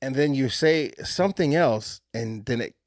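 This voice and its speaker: Guy cohosting a podcast, swears a ton, laughs thru his stories, mid pitch, super dry close mic. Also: moderate pace, dry recording. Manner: profane, animated storytelling with frequent laughter. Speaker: podcast co-host. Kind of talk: casual chat.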